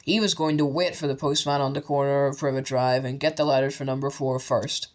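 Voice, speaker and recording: A man narrating an audiobook with steady storytelling. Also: medium pitch, brisk.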